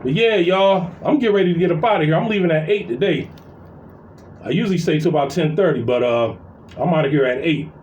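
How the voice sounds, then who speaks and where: High, animated man venting in an echoey room. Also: fast talker, muffled recording. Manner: animated, profane storytelling. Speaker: vlogger. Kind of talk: casual venting monologue. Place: at his workplace, indoors. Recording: echoey, distant mic with faint background noise.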